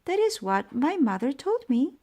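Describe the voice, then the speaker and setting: A woman voicing a gentle, curious mother who asks many questions, in a read-aloud storybook. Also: high voice, very animated, normal speed, highs cut off, pitched above the performer's own voice.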